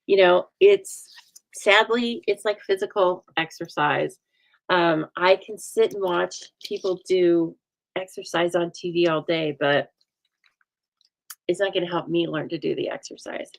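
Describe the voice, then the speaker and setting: A woman hosting a live card-making demo, chatting warmly with viewers as she stamps. Her voice sits fairly low and carries a gravelly edge of vocal fry. She keeps up a folksy, running commentary. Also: rough recording. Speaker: craft show host.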